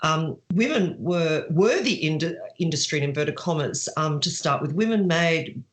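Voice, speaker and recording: A woman's voice: low voice, lively intonation, normal speed. A middle-aged woman author answering interview questions in a chatty way, with fillers and restarts. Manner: chatty, with fillers and restarts, laughs while telling stories.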